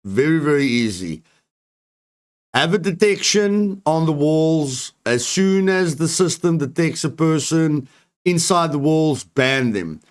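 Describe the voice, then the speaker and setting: A man's voice: fairly high pitch, lively intonation, slow pace. Man ranting angrily about cheaters. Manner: blunt, angry, swears often, repeats himself. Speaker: co-host reacting to news. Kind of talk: heated rant commentary.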